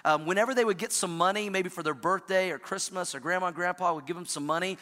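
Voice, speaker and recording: Middle-aged male pastor, high bright voice, animated storytelling sermon in a reverberant hall. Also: fast. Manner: storytelling, animated, with playful asides.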